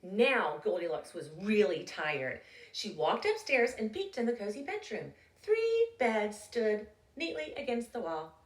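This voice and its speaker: A young adult woman reading a children's story aloud with a slow, expressive, animated delivery, recorded in a roomy space a little way off from the mic. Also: mid-range voice. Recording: roomy, from a distance.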